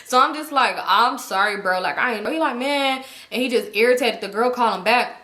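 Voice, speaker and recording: A woman's voice: fairly high pitch, brisk, bright, forceful tone, echoey room. A woman vlogger telling a rambling, profane story in a casual way, full of fillers.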